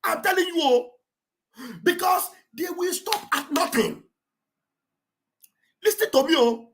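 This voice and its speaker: A woman hosting an online show, giving fervent, repetitive political commentary that often rises to shouting. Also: very high voice, lively intonation, measured pace, pauses often.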